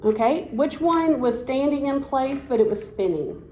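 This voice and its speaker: With a high, animated, mellow voice at a moderate pace, a woman teacher leads a one-on-one science lesson, praising and encouraging as her student repeats after her. The echoey room recording carries a little hiss or hum.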